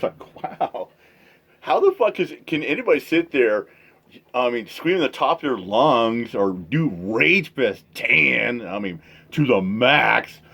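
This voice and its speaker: Husky man mocking and laughing. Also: mid-range voice, fairly bright tone. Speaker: streamer reacting to a clip. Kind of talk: casual reaction commentary.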